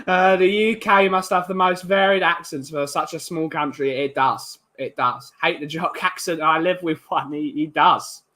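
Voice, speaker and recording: A man's voice: a little high, unhurried, sharp tone. A man from England hosting a casual live-stream podcast, rambling chattily and greeting chat viewers by name.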